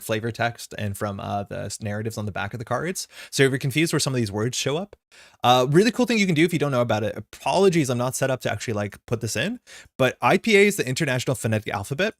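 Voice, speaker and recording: A man hosting a live stream, chatting casually and thinking aloud as he slowly tries out how words are pronounced. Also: medium pitch, dry recording, clean studio sound. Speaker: stream host.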